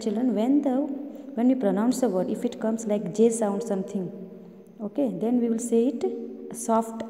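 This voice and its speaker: Lady teacher drilling kids on sounds, dark gravelly voice, lots of room echo. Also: mid-range voice. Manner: slow, repetitive, drilling sounds with many questions. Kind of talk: online phonics lesson for young children. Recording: roomy echo with long reverb.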